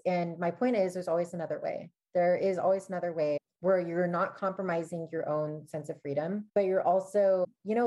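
A woman's voice: on the low side, dark tone. A young woman co-hosting a casual advice chat, telling personal stories candidly with many fillers.

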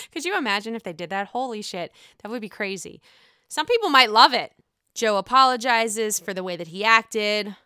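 A woman's voice: mid-range voice, lively intonation, moderate pace, pushed and bright, clean tone, dry recording, clean studio sound. A woman hosting a casual, profane podcast recap of a reality show, acting out the lines of the people in it. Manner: chatty, profane, acts out quotes.

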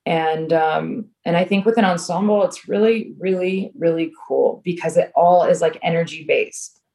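A woman with a slightly low voice tells a long story in a loose, casual way. She is full of "like" and "um" and often restarts her sentences. Her pace runs fast and slow by turns. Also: mellow. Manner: rambling storyteller, many fillers and restarts. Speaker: filmmaker guest. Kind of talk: casual interview chat.

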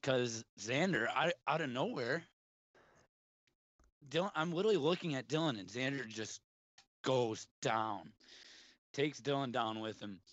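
A man's voice: medium pitch, a little slow, long pauses, a bit bright, dry recording. A young man telling a long, rambling story in casual chat, laughing often and restarting his sentences. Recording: dry, dull lo-fi sound.

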